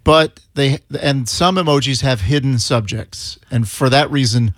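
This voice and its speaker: A man's voice: mid-range voice, a little slow, no room sound, studio quality. A man in his sixties, co-hosting a morning radio show in casual banter, reading items from a list and joking at his own expense. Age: 60s. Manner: chatty, self-deprecating, reads items aloud then comments. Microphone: studio microphone.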